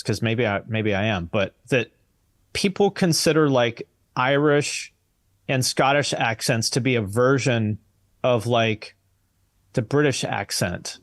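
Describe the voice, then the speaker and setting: An American man at an even, mid-range pitch, speaking blunt and deadpan. The recording is dry and close, with no room echo. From United States. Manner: blunt, sardonic, swears casually. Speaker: podcast guest. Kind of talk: casual chat.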